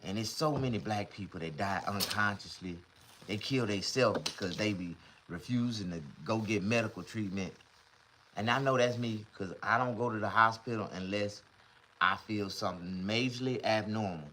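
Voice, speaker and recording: Speaking casually on a livestream, a middle-aged man swings between loud mock crying and low muttering at a moderate pace.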